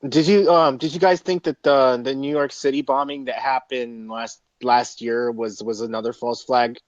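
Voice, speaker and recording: A man's voice: mid-range voice, fairly even intonation, moderate pace, no echo, muffled recording. A man in casual chat, blunt and swearing, talking with exasperation.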